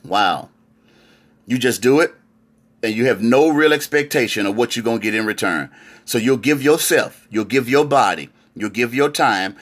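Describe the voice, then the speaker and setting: A man's voice: mid-range voice, a bit bright. A man preaching a sermon as pastor, talking straight to the audience with teasing asides.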